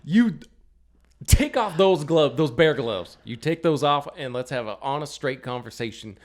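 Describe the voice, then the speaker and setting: A man's voice: on the high side, lively intonation, measured pace. A man playing a tabletop game, chatting casually and laughing easily. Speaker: player.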